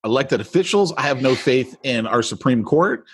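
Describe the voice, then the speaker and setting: A man's voice: medium pitch, fairly even intonation, normal speed, husky. A man co-hosting a podcast, talking in a heated, ranting way in casual chat. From California. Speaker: podcast co-host.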